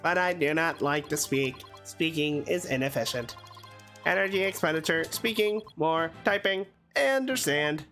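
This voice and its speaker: A woman's voice: deep voice, measured pace, soft background music. A woman doing a clipped robotic bomb expert. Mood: deadpan. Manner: clipped, monotone, terse.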